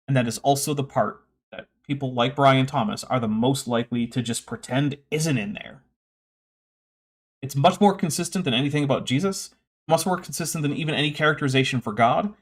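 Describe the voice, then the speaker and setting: A man hosting a livestream, giving opinionated commentary with sarcastic asides and reading out viewer comments. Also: medium pitch.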